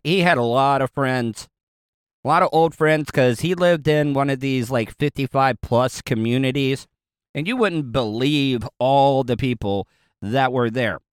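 A man's voice: medium pitch, clean tone, dry recording, clean studio sound. A man with a Southern US accent telling a casual, rambling story to his viewers, with lots of fillers, restarts and chuckles.

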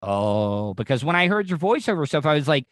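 A man's voice: a little high, lively intonation, quick pace, fairly bright tone, no echo. A man hosting a radio interview, chatting casually in a rambling, jokey way full of stammered restarts.

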